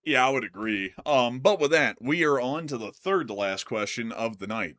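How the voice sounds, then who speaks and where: A man's voice: medium pitch, lively intonation, moderate pace, a bit bright. A man co-hosting a live stream, answering viewer questions in a casual, conversational way with frequent fillers and restarts. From United States.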